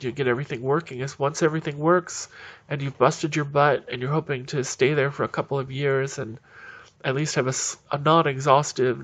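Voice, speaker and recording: Gravelly man ranting indignantly. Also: mid-range voice, fairly bright tone, muffled recording. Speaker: political commentator. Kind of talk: solo political commentary.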